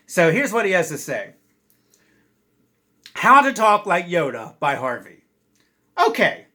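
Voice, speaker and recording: A man who writes children's books talks casually with young readers, his bright voice bouncing up and down. He sits high in pitch and reads aloud in a lively, chatty way, with plenty of fillers along the way. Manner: animated, chatty, many uh fillers. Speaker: children's book author.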